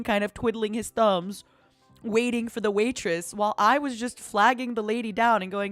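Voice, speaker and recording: A woman streamer chatting casually and telling stories in a playful, animated way. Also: medium pitch, moderate pace, no room sound, soft background music. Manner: chatty, playful, animated storytelling with put-on quotes. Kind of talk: casual chat and storytelling.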